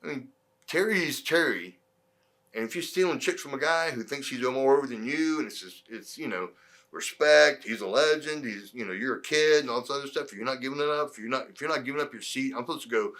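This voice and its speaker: A middle-aged former wrestler telling profane, animated stories in an interview, acting out quotes from others. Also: male voice, medium pitch, brisk. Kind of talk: shoot interview storytelling.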